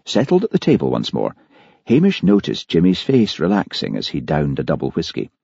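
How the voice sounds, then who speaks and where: A man narrating an audiobook in a measured, expressive storytelling manner, recorded dry and slightly dull. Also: low-pitched, vocal fry, breathy edge, no echo. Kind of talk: scripted narration.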